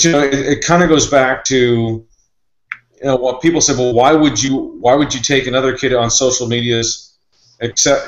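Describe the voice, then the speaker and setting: A man's voice: medium pitch, echoey room, dull audio. A man who reports on sports recruiting, talking in a loose, rambling, conversational way. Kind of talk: casual podcast chat.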